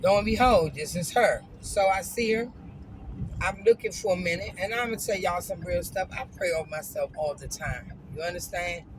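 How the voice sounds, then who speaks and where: A woman's voice: fairly low pitch, normal speed, slight background noise, poor audio. A woman vlogger telling a casual, emphatic story straight to her viewers.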